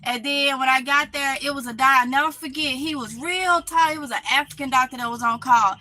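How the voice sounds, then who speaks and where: A woman's voice: sits high, brisk, bright, forceful tone, rough recording. A woman with a Mississippi Southern accent, hosting a live stream from a greenhouse, chatting casually and answering comments with laughs. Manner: chatty, talks back to comments, laughs often. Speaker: channel host reading live chat.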